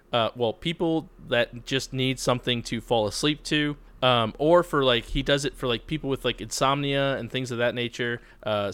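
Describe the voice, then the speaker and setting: A man's voice: medium pitch, sharp tone, clean tone, no echo. A man in his thirties, a podcast co-host chatting casually, rambling and self-deprecating with frequent laughs. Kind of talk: casual chat.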